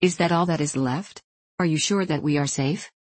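A woman's voice: deep voice, moderate pace, no echo. A woman voicing an exhausted shipwrecked male captain who pleads anxiously for his child in a storybook reading. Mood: pleading.

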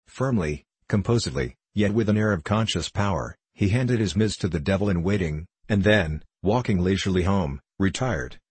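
A man narrating a classic story aloud in a measured, formal storytelling manner. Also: sits low, a little mellow, husky, dry recording. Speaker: audiobook reader.

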